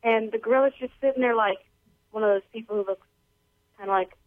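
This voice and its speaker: Brief: female phone-in caller with a slightly high voice, loose and rambling, casual slang, heard through a thin, tinny phone line. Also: fast. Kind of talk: telling a joke over the phone. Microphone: telephone.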